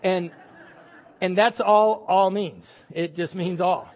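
A man's voice: sits high, fairly even intonation, slow pace. A male pastor preaching a sermon with emphatic delivery, repeating words and acting out quoted voices.

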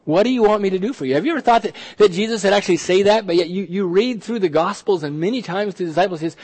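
High-voiced man preaching with animation. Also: fast talker, few pauses. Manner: animated preaching, repeats words, drops to soft intensity. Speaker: pastor. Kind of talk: sermon.

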